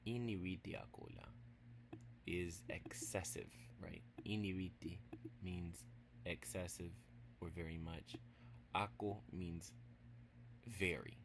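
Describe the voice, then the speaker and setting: A man with a deep, low voice teaches a casual language lesson at an unhurried pace. He is playful and teasing with his listeners, breaking words into slow, careful pieces, and now and then slipping into quiet asides. A faint hum sits under his voice. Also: lively intonation. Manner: playful and teasing, slowly spelling out words syllable by syllable.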